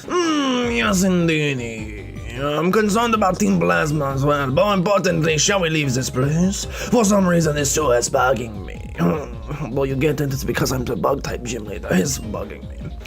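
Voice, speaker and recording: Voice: medium pitch, big pitch swings, music in the background. Someone putting on a theatrical French-accented gym leader. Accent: attempted French. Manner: drawn-out theatrical pauses. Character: flamboyant male bug-type gym leader, artsy.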